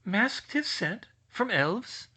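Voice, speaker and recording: A man voicing a clever, brisk schoolgirl witch who speaks decisively. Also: high-pitched, big pitch swings, pushed and bright, slightly rough, voice pushed up, heavily acted. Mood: curious.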